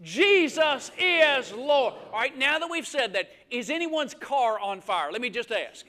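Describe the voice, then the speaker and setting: A middle-aged man preaching a lively, emphatic live sermon in church, telling stories and calling for amens. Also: very high voice, moderate pace. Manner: storytelling, emphatic, call-and-response. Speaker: guest preacher. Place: church sanctuary.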